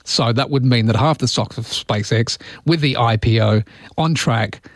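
A chatty Australian man hosting a radio show, rambling and joking as his pitch jumps around. His voice is close on a studio mic with a completely dry sound. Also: moderate pace, dry recording. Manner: chatty, jokey, rambling, voice often leaping up. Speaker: radio host. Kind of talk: casual radio chat. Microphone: studio microphone.

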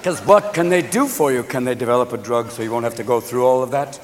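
A man doing stand-up comedy, loud and rowdy with frequent shouting. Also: medium pitch, fast. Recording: live crowd with background noise.

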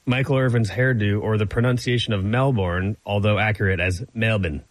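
A man who is a regular on a sports radio show, talking in a dry, measured way. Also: on the low side, steady tone, no room sound. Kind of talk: casual sports talk.

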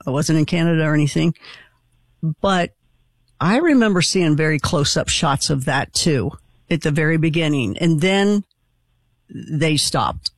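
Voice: mid-range voice, lively intonation, a little slow, long pauses, no room sound. A host interviewing in conversation, responsive and affirming.

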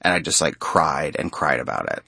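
A man with a very low voice tells a backstage story as a radio interview guest. He talks in an animated way, often restarting his sentences. The sound is close and dry, with no room around it. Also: moderate pace, breathy edge, no echo. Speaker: interview guest, stage actor.

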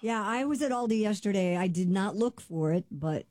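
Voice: medium pitch, expressive, normal speed, a little mellow. A co-host of a casual talk show, reading news items and chiming in briefly.

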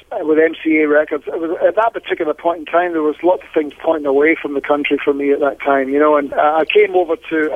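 Fast-talking Scottish man on a phone line. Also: fairly high pitch, dry recording. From Scotland. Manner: rambling, restarts often, chuckling. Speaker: musician guest. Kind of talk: casual interview chat. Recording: tinny dry phone line.

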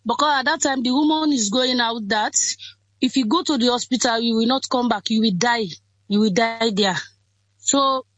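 A woman in her twenties with a Sierra Leonean accent, telling her story in an interview in simple, halting sentences that often repeat. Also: a little high, dry recording, low-quality recording. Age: 20s. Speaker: interviewee, Ebola survivor. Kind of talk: interview over a phone or call.

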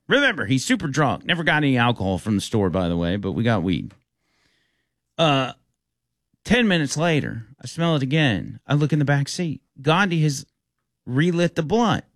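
A man's voice: medium pitch, normal speed, no room sound, studio quality. A man hosting a radio talk show, telling a story casually and acting out the people in it. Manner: animated, acts out the people in his stories.

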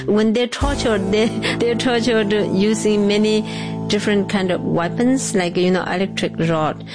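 A woman from Tibet, giving halting, plain-spoken testimony in broken English as a former political prisoner. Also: mid-range voice, fairly even intonation. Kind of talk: personal testimony. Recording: music playing underneath. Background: instrumental music.

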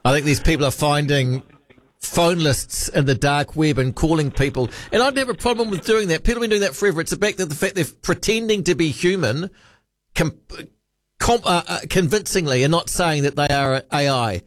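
In a radio studio, a New Zealand-accented man hosts late-night talkback, chatty and meandering, often fixing his words mid-sentence. His fairly high voice moves briskly, and the recording is dry and studio-clean.

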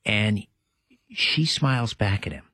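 Man, radio host, husky, dry close mic, chatty, restarts often. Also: on the low side, sing-song, slow, bright, forceful tone, dry recording. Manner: chatty, restarts and self-corrections. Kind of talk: late-night radio talk. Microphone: studio microphone.

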